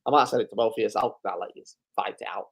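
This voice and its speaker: Rapid-fire and gravelly, this man's fairly low voice carries a fairly bright tone with a breathy edge. He's hosting a live-stream recap, cursing liberally and laughing as he tells his stories in a relaxed, chatty way.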